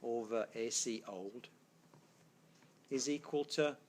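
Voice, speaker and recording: This physics lecturer has a mid-range voice and speaks slowly, with slight background noise in the recording. Addressing students in a classroom, he explains step by step, thinks aloud, and corrects himself, all picked up on a tablet screencast mic.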